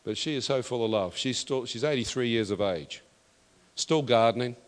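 New preacher in an echoing hall. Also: male voice, mid-range voice, moderate pace, smooth. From New Zealand. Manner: emphatic, builds to loud declarations. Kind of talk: testimony sermon. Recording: long reverb of a hall.

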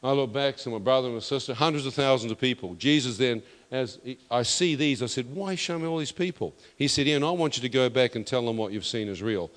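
Speaking at a quick pace with few pauses, a New Zealand man delivers his testimony as a sermon in an ordinary mid-range voice. He grows emphatic, building to loud declarations, and the long reverb of a large church hall rings around him.

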